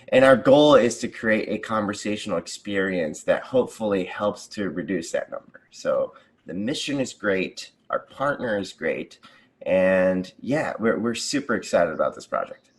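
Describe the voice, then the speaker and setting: Low-voiced man, eager and earnest. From United States. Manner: earnest, enthusiastic, many ums and likes. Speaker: guest, conversation designer. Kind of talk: casual interview answers.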